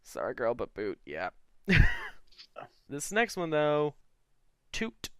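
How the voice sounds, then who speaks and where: Smooth-voiced, unhurried male co-host. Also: fairly high pitch, wildly swooping pitch, fairly bright tone, no echo, clean studio sound. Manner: affectionate and giggly. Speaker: podcast co-host. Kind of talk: casual comedic chat.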